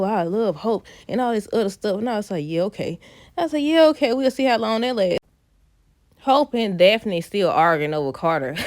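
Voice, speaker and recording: A woman recapping a soap opera episode in a casual vlog, animated and laughing often. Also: mid-range voice, dry recording, clean studio sound. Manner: animated, laughs often, addresses viewers as y'all.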